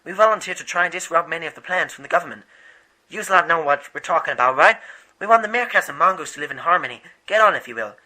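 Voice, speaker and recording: A man voicing an earnest male rebel volunteer leader in an amateur animated movie, rambling and stumbling over his words. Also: on the high side, fast talker, full character voice, rough recording. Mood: explaining.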